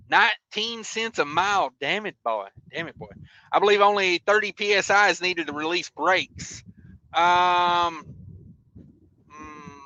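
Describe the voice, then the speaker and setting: High bright-voiced man chatting on a livestream. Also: dry recording, dull audio. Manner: rambling, laughs while telling stories. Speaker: trucker show host. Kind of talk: casual livestream chat reading comments.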